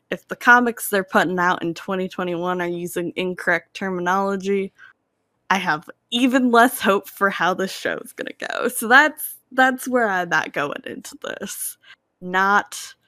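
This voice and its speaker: A woman on a video call chats in a measured, thoughtful way and is mildly critical. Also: medium pitch, a bit bright, no echo, studio quality. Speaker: podcast panelist. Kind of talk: casual chat.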